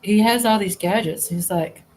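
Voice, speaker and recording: A woman's voice: mid-range voice, normal speed, darkish tone, a little hiss or hum, rough recording. Chatty rambling woman on a livestream. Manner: rambling, chatty, laughs often, trails off and restarts. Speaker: livestream host. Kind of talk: casual live chat while working.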